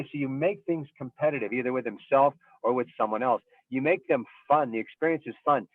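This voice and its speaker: A man's voice: mid-range voice, dry recording. Man on a tinny, dry call line. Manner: thoughtful, explains with everyday examples and frequent ums. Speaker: baseball coach and scout. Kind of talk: casual panel discussion.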